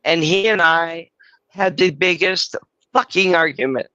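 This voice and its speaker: A man's voice: a little high, unhurried, sharp tone, clear, resonant tone, no room sound, muffled recording. A man from California hosting a casual live chat, telling rambling stories and swearing freely. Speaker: host.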